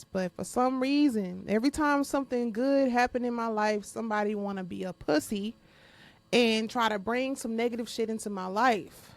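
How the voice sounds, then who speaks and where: Blunt, gravelly-voiced woman podcast host. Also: a little high, fairly bright tone. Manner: blunt and profane, addressing listeners directly; frequent laughter while venting. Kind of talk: casual podcast monologue.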